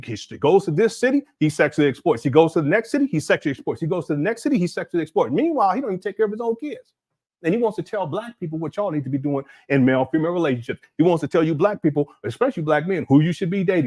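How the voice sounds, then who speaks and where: Animated man ranting on a livestream. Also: high voice. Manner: animated, incredulous, rambling with restarts. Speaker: livestream commentator.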